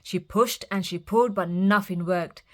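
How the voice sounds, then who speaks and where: A woman storyteller reading children's fairytales aloud in a lively, expressive way. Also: mid-range voice, normal speed.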